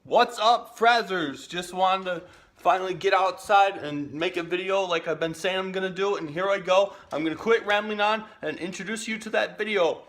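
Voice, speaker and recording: A man's voice: sits high, moderate pace, fairly bright tone. A man vlogging outdoors on a sunny day, chatting in a rambling way and calling out to his dogs, recorded on a phone camera. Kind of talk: casual vlog chat. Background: birds chirping.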